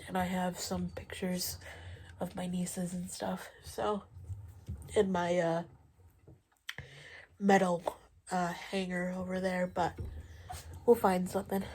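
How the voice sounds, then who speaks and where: A woman in her twenties with a fairly low voice vlogs casually while on her home exercise bike, with a little background noise in the recording. Allergies make her sound congested, and she drifts along relaxed, using many fillers.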